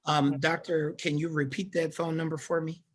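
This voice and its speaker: A pastor leading a closing benediction on a video call, praying in a measured, solemn cadence. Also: male voice, fairly high pitch, flat delivery. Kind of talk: prayer of benediction.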